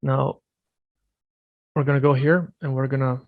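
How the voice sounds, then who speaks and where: Gravelly male teacher drilling pronunciation. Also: mid-range voice, little pitch movement, no echo, narrow, tinny audio. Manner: corrects firmly, drills words slowly and repeats them. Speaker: Swedish teacher. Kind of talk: one-on-one language lesson.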